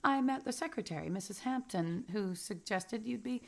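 A woman's voice: medium pitch, lively intonation, moderate pace, creaky. A woman playing an eager, curious novelist. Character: eager young woman novelist researching expats. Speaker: interviewer. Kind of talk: radio drama acting.

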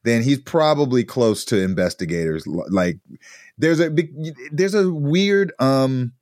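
A man in his thirties co-hosting a casual podcast chat, animated and rambling, laughing often. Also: medium pitch, a little slow, dry recording, studio quality. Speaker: podcast co-host.

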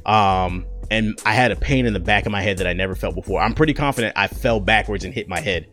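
A man's voice: on the low side, quick pace, fairly bright tone, faint music behind. A young man and content creator telling a personal story in a casual, profane, slangy way.

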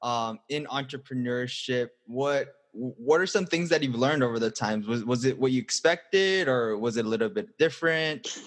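A male host in a casual interview. He speaks in a middle pitch and keeps his remarks brief and encouraging. He leads with open questions. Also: moderate pace.

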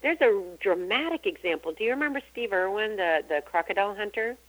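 A woman's voice: medium pitch, expressive, fairly quick, rough recording. A woman guest on a radio interview, talking earnestly about beliefs and acting out what people say. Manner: earnest, acts out quoted voices. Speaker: guest psychic and author.

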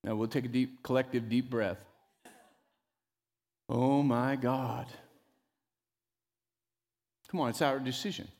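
A man preaching a sermon as pastor, emphatic and animated, often rising loud and dropping to a near hush. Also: takes it slowly, long pauses, big-room sound. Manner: emphatic preacher who rises and drops in pitch and loudness, calling "come on".

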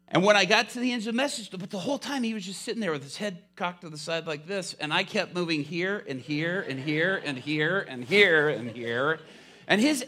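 A male pastor preaching a sermon, telling a story with lively swings from hushed to loud. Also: on the high side.

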